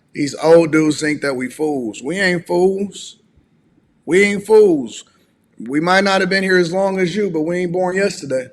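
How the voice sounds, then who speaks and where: A man with a somewhat high voice co-hosts a casual reaction podcast. He mocks and teases in loose slang, talking it over with a friend. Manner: mocking, slangy, teasing. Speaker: podcast co-host.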